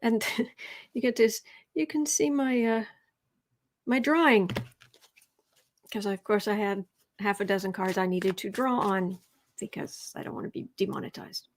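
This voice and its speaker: Speaking at a measured pace with frequent pauses, a woman with a medium-pitched voice and a Southern accent hosts a laid-back tarot livestream. She's chatty, reads viewers' comments aloud, adds sarcastic asides, and murmurs softly while shuffling the deck.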